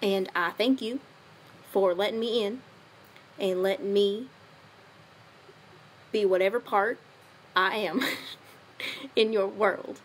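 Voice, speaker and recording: A woman's voice: mid-range voice, slow pace, long pauses, slightly rough. A woman voicing a doting, stereotypical Southern father with a put-on Southern accent, giving earnest, tender affirmations. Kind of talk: comedic affirmation monologue.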